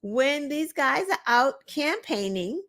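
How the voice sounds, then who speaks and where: Chatty sarcastic woman, fairly high voice. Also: sing-song, slow pace, fairly bright tone. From United States. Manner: chatty and sarcastic, with filler words. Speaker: show host. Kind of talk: casual political commentary.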